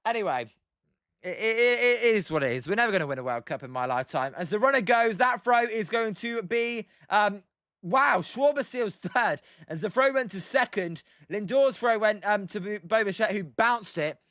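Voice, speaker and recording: A young man with an English accent and a fairly high voice, riffing casually through live baseball commentary and reading out viewer comments. His delivery is loose and full of "um"s. The recording is dry and close, with no room sound. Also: lively intonation, moderate pace, fairly bright tone, dry recording. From England. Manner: chatty, reads viewer comments aloud, frequent "um". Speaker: livestream host watching baseball.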